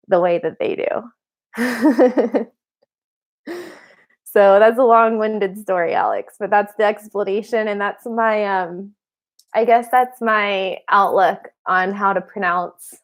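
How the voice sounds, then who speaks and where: A woman's voice: medium pitch, slow pace, pauses often. Chatty woman hosting a livestream. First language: English. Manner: chatty, laughs often, rambling asides. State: a little tired and hungover. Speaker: livestream host. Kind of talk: casual livestream chat.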